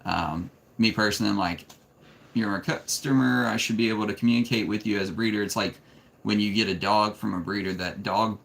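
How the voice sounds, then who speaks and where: A man who breeds snakes, talking casually on a live stream, giving plainspoken advice and turning gently to his young son. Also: on the low side, steady tone, a little fast, gravelly.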